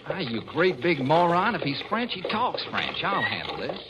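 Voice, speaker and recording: An actor playing a folksy, joking American army corporal, in a 1940s radio drama. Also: male voice, fairly high pitch, huge pitch swings, normal speed. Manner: folksy, joking, chuckles often. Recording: old radio recording with faint hiss.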